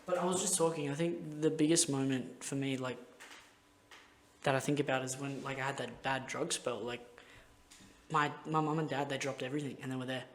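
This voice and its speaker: A man's voice: mid-range voice, fairly even intonation, brisk, fairly bright tone, slight background noise. A young man hosting a podcast, telling rambling, heartfelt stories in casual chat and swearing constantly. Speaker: podcast host.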